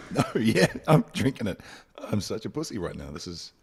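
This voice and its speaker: A man's voice: on the low side, sing-song, unhurried, vocal fry, a little mellow, big-room sound, a little hiss or hum. A man hosting a podcast, chatting casually and joking playfully. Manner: jokey, playful, laughs easily. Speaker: podcast host. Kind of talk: casual chat.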